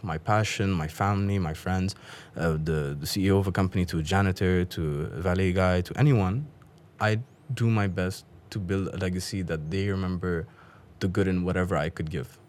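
A man appearing as a guest on a conversation show, telling stories in a lively, animated way. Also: sits low, moderate pace, few pauses. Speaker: podcast guest. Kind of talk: casual storytelling.

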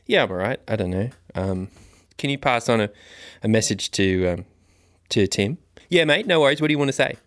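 Quiet, hesitant man. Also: fairly low pitch, expressive, a little fast, no room sound, clean studio sound. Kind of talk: improvised comedy sketch.

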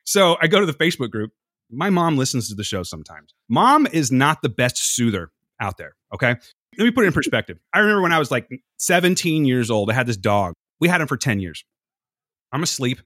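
Fast-talking man telling stories. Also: mid-range voice, no echo, clean studio sound. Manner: animated, profane, jumps between anecdotes. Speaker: podcast host. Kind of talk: casual storytelling chat.

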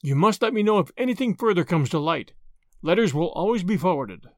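A man's voice: high voice, animated, no echo, studio quality. A man doing a grave, kindly old lawyer. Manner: measured, grave. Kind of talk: audiobook character reading.

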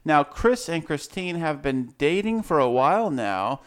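A man's voice: fairly high pitch, sing-song, unhurried, a bit bright, smooth. A man co-hosting a casual podcast, joking around and laughing often. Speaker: podcast co-host. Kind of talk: casual chat.

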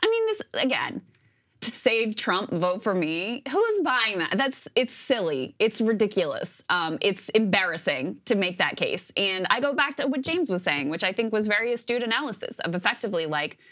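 A woman co-hosting a political talk show, giving brisk, dismissive analysis. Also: mid-range voice, very animated, a bit bright. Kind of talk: political commentary chat.

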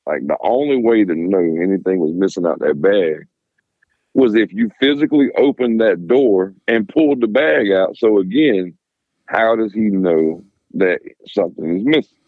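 A man's voice: lowish voice, very animated, gravelly, no echo. A man, a police officer, tells his story in a casual interview, swearing, laughing and acting out what people said. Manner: profane, laughing, fast retelling of dialogue. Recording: dry, phone-like sound.

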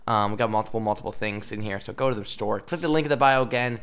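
A man's voice: fairly low pitch, fast talker, few pauses, a bit bright, clear, resonant tone. A fired-up young man in his twenties hosting a casual podcast. He rambles through sponsor reads and stories, restarts his sentences and laughs as he talks. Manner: hyped, rambling, laughs often. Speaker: podcast host.

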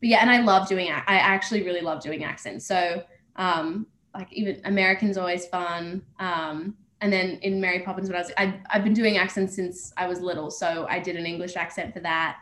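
A woman's voice: fairly low pitch, steady tone, brisk, fairly bright tone. A young woman, an actor, chatting casually and bubbly in an interview over a video call. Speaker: actor guest. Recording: echoey room with faint noise.

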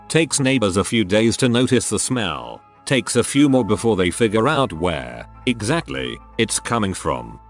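Man, low voice, lively pitch, scripted narration, steady and measured, faint music behind. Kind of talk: scripted narration of reader stories. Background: faint background music.

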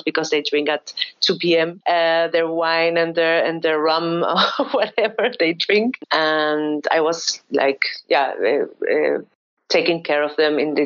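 Laughing woman with a low voice. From Chile. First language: Spanish. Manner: hesitant, many restarts, laughs readily. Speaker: guest, psychologist and expat coach. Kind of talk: casual interview storytelling. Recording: dull lo-fi recording.

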